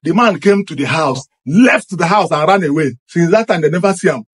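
Nigerian man, husky and fairly high voice, animated first-person storyteller who repeats himself for effect. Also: brisk. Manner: excited, repetitive, acts out what happened. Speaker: storyteller recounting a personal experience.

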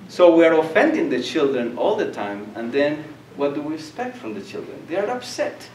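Older man lecturing in a hall, animated storyteller; distant, roomy recording with light hiss. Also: on the high side, moderate pace. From Colombia. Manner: animated storyteller, acts out voices and laughs. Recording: echoey room, distant mic, faint noise.

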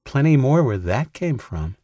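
A man voicing a young woman, raised and breathy. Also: mid-range voice, big pitch swings, measured pace, dark tone, no echo, clean studio sound, voice pushed up. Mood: coy. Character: young woman, sly and desperate, feigning submission.

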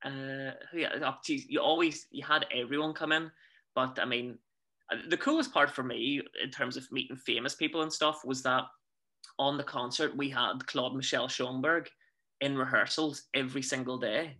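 A Northern Irish man, a musical theatre actor, telling animated stories in a casual interview and chuckling often. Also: medium pitch, normal speed. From Northern Ireland.

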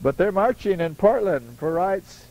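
A man's voice: high voice, animated, measured pace, darkish tone, poor audio. An older man preaching a folksy storytelling sermon, acting out voices in his stories. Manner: acts out voices in his stories, chuckling asides.

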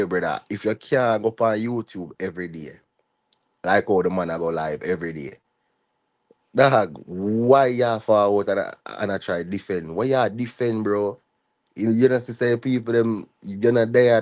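A man speaks with a Jamaican patois accent in a somewhat low voice. He rants in a heated vlog style, circling back to the same point again and again. He keeps tagging his sentences with "bro", "dog" and "you see me". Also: normal speed. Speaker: vlogger. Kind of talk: ranting vlog commentary.

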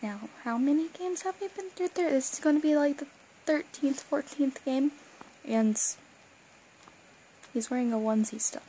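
A young woman chatting excitedly as a fan vlogger, rambling and gushing, with bursts of excitement and quiet asides. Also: high voice, moderate pace, long pauses, slight background noise, low-quality recording. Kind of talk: excited casual fan chat.

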